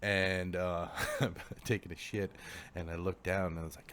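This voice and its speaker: A man's voice: low voice, flat delivery, normal speed, fairly bright tone, slight background noise. A young man from the Pacific Northwest co-hosting a podcast, telling a story in a casual chat, laughing often and swearing freely. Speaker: podcast co-host.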